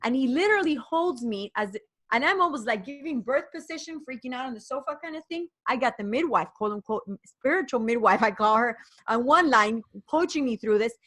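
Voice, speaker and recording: A woman coach as a podcast guest, retelling a personal story with rushed restarts and quoted dialogue. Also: fairly high pitch, animated, a bit bright, dry recording. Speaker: guest, women's performance coach.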